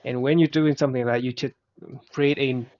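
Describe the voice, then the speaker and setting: A man whose first language is Vietnamese, giving casual, halting advice in English with many restarts. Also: mid-range voice, fairly even intonation, a little mellow. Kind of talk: casual conversation. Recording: muffled lo-fi recording.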